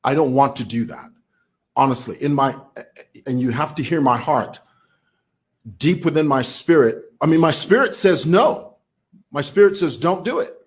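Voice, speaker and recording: A man's voice: on the high side, moderate pace, long pauses. A man from Zambia with a Zambian accent, talking casually to camera as a vlogger who laughs while he talks. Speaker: vlogger commentator.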